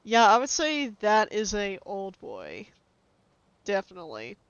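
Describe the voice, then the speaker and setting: Laid-back streamer, smooth clear voice. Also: mid-range voice, a little slow, dry recording. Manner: relaxed, rambling with many fillers. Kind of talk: casual chat with friends. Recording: dull, slightly lo-fi stream audio.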